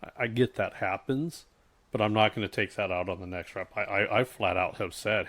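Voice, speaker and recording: This man's voice is on the low side and fairly bright in tone. Co-hosting a podcast, he chats casually about customer service from his work experience, often breaking off and starting sentences over.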